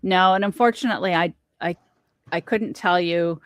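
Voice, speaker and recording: Middle-aged lady telling her story on a podcast call, kinda low voice, dead dry sound, acts out the voices. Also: normal speed, no echo. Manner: animated storyteller, acts out quoted lines. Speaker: podcast guest. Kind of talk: casual storytelling interview.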